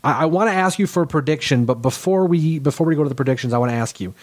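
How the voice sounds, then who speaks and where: A man's voice: a little high, very fast. A man co-hosts a sports podcast. He talks in long, rambling runs. He keeps restarting and correcting himself as he goes. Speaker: podcast co-host. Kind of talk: casual sports talk.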